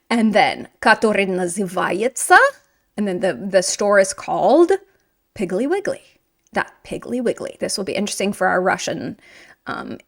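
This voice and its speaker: Higher-voiced woman teaching grammar, chatty. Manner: lively, chatty explanations mixing English and Russian. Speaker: Russian language teacher. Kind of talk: grammar lesson correcting student mistakes.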